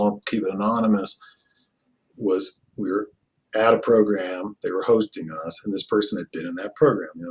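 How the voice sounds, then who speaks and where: A middle-aged man, a family therapist and trainer, telling stories in an earnest, reflective way and often softening his voice. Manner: earnest, reflective, often drops to a soft low voice. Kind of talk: conversational storytelling.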